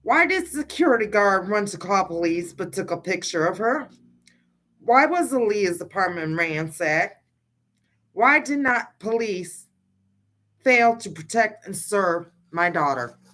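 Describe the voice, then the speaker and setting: A woman's voice: mid-range voice, sing-song, a little slow, a bit bright. A middle-aged woman, a grieving mother, talking casually on a livestream and insistently reading out a list of questions. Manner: blunt and insistent, pressing question after question.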